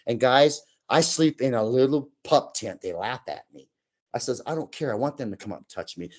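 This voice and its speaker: A man in his sixties, a guest telling his own stories in a casual chat, animated and acting out voices and sounds as he goes. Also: mid-range voice, normal speed. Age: 60s.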